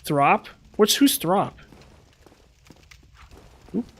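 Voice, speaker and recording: A man's voice: high-pitched, sing-song, drawn-out words, fairly bright tone. A man giving casual gameplay commentary, rambling and thinking aloud with self-deprecating asides.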